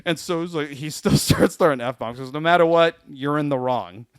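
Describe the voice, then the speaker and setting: A young man co-hosting a podcast, telling a story in a casual, animated way and laughing often. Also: fairly high pitch, normal speed, clean tone, no echo. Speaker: podcast co-host.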